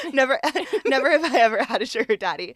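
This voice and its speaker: A woman's voice: sits high, very animated, normal speed, a bit bright, no room sound, clean studio sound. A young woman co-hosting a podcast, telling stories in a chatty, laughing way and swearing freely. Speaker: podcast co-host. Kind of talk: casual storytelling chat.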